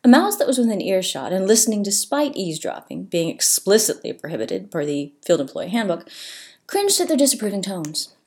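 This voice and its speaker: Woman reading a funny story, lively pitch that jumps around, playful and expressive. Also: a little fast. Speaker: narrator. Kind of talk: storytelling narration.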